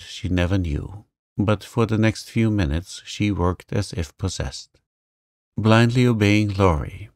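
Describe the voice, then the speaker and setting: A man reading a sleep story aloud in a calm, gentle manner. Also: low-pitched, vocal fry, no room sound, clean studio sound. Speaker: narrator. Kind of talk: slow sleep story narration.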